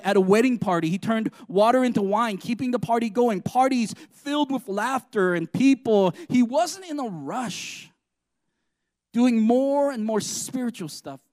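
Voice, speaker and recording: Middle-aged male pastor, very high voice, dry close sound; sermon delivery, self-mocking, soft to loud. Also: no echo. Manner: self-deprecating humor, swings between soft and loud.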